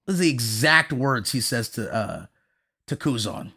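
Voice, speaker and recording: A man's voice: medium pitch, measured pace, breathy edge. A man hosting a podcast, ranting heatedly and profanely, repeating himself and mimicking other people's arguments. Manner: profane, animated, repeats himself, mocks others in quoted voices. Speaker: podcast host. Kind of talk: heated casual rant.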